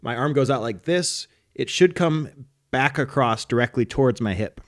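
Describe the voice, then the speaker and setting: A man's voice: mid-range voice, lively intonation, normal speed, dry recording, studio quality. A man co-hosting a soccer podcast, explaining technique while demonstrating it in a casual, instructional way. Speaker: soccer coach and podcast co-host.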